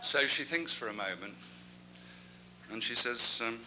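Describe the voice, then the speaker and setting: A man's voice: mid-range voice, lively intonation, measured pace, pauses often, background noise. An older man with an English accent giving a genial, anecdotal after-dinner speech as the guest speaker.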